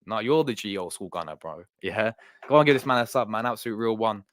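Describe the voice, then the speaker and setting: A man's voice: on the low side, fast talker, a bit bright. A young man chatting casually on a live stream, rambling and repeating himself as he talks to his chat.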